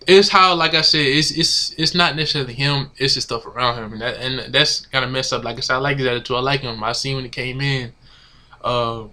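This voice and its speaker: A man's voice: medium pitch, pushed and bright. Exasperated slangy man ranting to camera. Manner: exasperated, slangy, repeats himself. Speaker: sports fan vlogger. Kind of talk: casual rant to camera. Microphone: camera mic.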